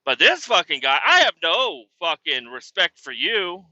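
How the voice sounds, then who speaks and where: Profane ranting man with a bright voice. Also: sits high, big pitch swings, unhurried, no echo. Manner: profane, erupts into shouting tirades. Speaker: podcast host. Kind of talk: comedic rant. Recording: dull lo-fi recording.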